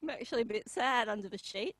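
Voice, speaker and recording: A young Australian woman performing a live comedy bit, deadpan and halting, with many pauses and ums. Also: fairly high pitch, no room sound, low-quality recording.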